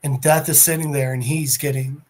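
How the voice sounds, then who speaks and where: A man's voice: a little high, normal speed. A man co-hosting a podcast and eagerly retelling a comic book's story in casual chat. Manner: animated, enthusiastic storyteller. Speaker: podcast co-host.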